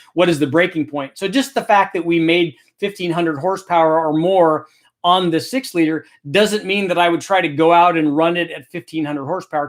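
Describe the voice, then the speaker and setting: A man in middle age talks through engine questions from viewers in an easygoing, explanatory way. His voice sits a little high for a man. He often pauses to restart a thought mid-sentence. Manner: relaxed, explanatory, thinks aloud with restarts. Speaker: host answering viewer questions. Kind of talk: casual technical Q&A chat.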